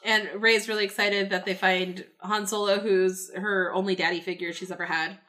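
Bright-voiced woman, chatty film recap. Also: medium pitch, flat delivery, moderate pace. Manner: chatty, laughs often, blunt asides. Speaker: podcast co-host. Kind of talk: casual film recap chat.

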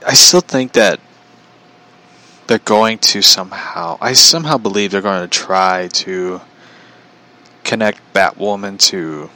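A young man, a vlogger with a low-pitched, sharp-toned voice, chats casually on a livestream. He rambles, chuckles often, and reads out viewer comments.

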